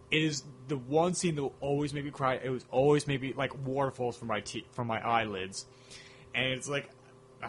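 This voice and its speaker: A man's voice: mid-range voice, fairly bright tone, a little hiss or hum. Enthusiastic man rambling about films. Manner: enthusiastic, hums film music, rambling. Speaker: podcast co-host. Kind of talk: casual film chat.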